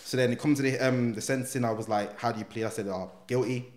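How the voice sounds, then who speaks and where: A young man tells a personal story in an easygoing, animated way and slips into the voices of the people he describes. His pitch sits at an ordinary middle height. The room around him is echoey. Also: fast talker. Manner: animated, acts out other voices, London slang. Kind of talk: casual storytelling chat.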